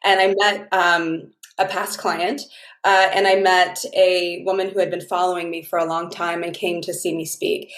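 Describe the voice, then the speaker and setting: A woman's voice: fairly low pitch, level tone, normal speed, fairly bright tone, reverberant. A woman guest on an interview show, telling stories in an effusive, heartfelt, rambling way. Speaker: guest, dating mentor. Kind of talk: casual interview chat.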